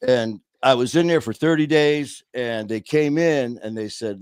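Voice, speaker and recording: A man's voice: medium pitch, a little slow, a little mellow, smooth, no echo, studio quality. Man hosting a podcast, shares his story with earnest emotion, says "man" and "brother" often. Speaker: podcast host. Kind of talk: casual conversational storytelling.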